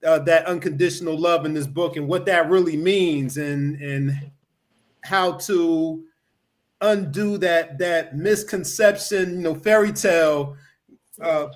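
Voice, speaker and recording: Guy hosting a podcast, kinda high voice, rambly, says "you know" constantly. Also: a little slow. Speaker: podcast host. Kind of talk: casual podcast chat.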